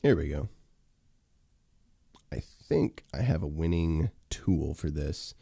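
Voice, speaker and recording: A man with a very low, gravelly voice rambles through a casual solo livestream. He fills his talk with ums and uhs and speaks straight to his chat. The sound is dry and close, with no room around it. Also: lively intonation, slow pace, dark tone, dry recording. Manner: rambling, full of fillers, talks to chat. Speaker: livestream host.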